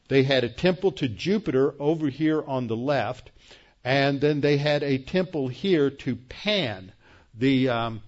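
A man's voice: medium pitch, dull audio. A man teaching a Bible lesson in a conversational sermon style, explaining as he goes with fillers and restarts. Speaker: pastor teaching Bible study.

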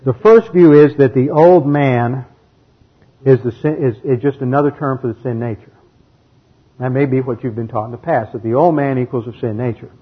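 A man's voice: mid-range voice, normal speed, slightly rough. A man teaching the Bible verse by verse, methodically explaining the grammar and reading passages aloud. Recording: dull lo-fi recording.

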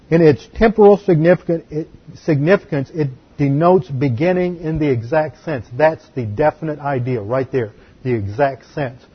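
A man, a pastor, teaching a Bible class in a deliberate, explanatory way and repeating key words. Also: mid-range voice, breathy edge, muffled recording. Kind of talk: sermon-style Bible teaching.

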